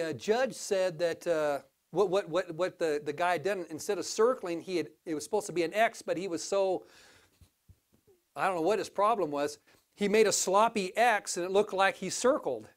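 A male pastor preaching a sermon, telling a folksy story with big swings between quiet and loud. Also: high-pitched, moderate pace, long pauses.

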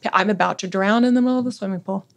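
A woman in her forties, appearing as a podcast guest, speaks earnestly and openly in a personal conversation. She talks rapid-fire with vocal fry, often dropping into a hushed, low voice.

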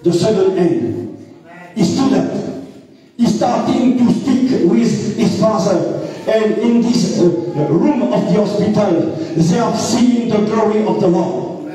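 French male pastor, high mellow voice, slow halting sermon in a big echoey hall heard from a distance. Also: animated. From France. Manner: halting, repeats words and uses many fillers. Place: church hall.

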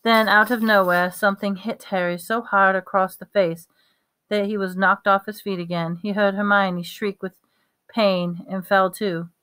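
A woman reading a novel aloud at a steady pace, with small slips and restarts. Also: mid-range voice, moderate pace, clean tone. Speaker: reader.

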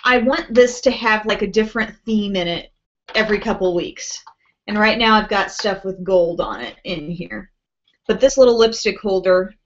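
A woman hosting a casual beauty live stream from home, chatting and reading out viewer comments with lots of ums and little laughs. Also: medium pitch. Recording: dull lo-fi webcast audio.

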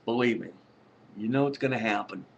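A man's voice: on the low side, brisk, lo-fi sound. A tired man rambling in a casual late-night vlog, laughing often and swearing freely. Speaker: vlogger.

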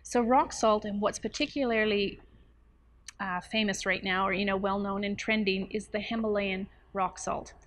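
A woman's voice: mid-range voice, steady tone, moderate pace. A woman who talks to camera in a chatty, explanatory way, with playful asides and a ready laugh, as a nutrition coach. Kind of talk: casual talk to camera.

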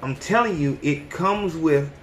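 A man's voice: on the high side, animated, unhurried, a bit bright, roomy sound, a little hiss or hum. A man in his thirties hosting a podcast, talking bluntly and profanely in a casual, preachy monologue. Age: 30s. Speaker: podcast host.

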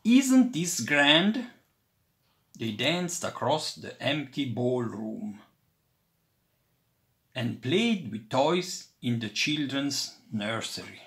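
A man reading a children's storybook aloud with expressive, unhurried storytelling. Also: medium pitch, creaky. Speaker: storybook reader.

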